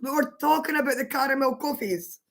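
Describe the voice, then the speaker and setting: A high-pitched woman chatting on a casual livestream. She keeps breaking into giggles and trying to hold them back, and her voice has gone hoarse from all the laughing. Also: fairly quick. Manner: giggly, fighting fits of laughter. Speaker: livestream host. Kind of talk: casual live chat.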